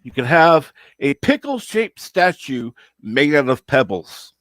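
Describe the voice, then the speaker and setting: A man in a casual online chat, halting and wry in his remarks. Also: medium pitch, sing-song, fairly bright tone, no room sound.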